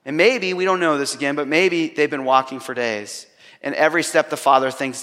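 A man's voice: fairly high pitch, fairly quick, a bit bright. Man preaching in a reverberant hall. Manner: storytelling with humor, then earnest and grave. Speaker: pastor. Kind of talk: sermon.

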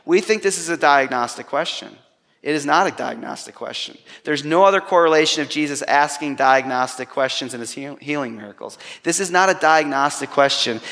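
A man's voice: medium pitch, sharp tone, long reverb tail. A man preaching a sermon, retelling a story with humor and then turning earnest. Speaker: pastor.

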